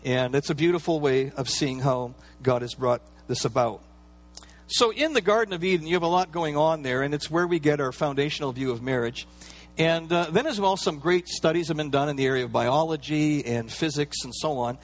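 A pastor preaching a sermon in a relaxed, conversational way, with playful asides and everyday fillers. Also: male voice, on the high side, fairly quick, faint music behind.

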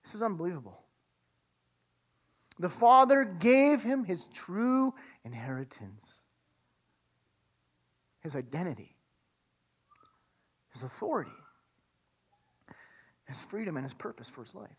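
A woman preaching a sermon, retelling a story dramatically and dropping to a hush for emphasis. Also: fairly low pitch, big pitch swings, a little slow, pauses often, slightly rough. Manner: dramatic retelling, acting out the characters' lines.

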